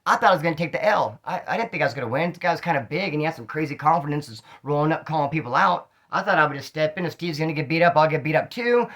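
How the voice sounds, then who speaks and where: A man telling stories from his own street life in casual slang, animated and acting out the dialogue. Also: fairly high pitch, very fast, hardly any pauses. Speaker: storyteller recounting street life. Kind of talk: casual storytelling monologue.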